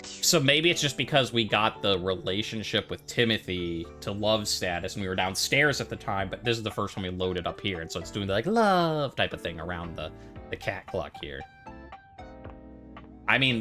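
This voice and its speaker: Male game streamer, fairly low and bright, loose rambling commentary, faint game music behind. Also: big pitch swings, normal speed. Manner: casual, rambling, thinking aloud. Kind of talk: let's-play commentary.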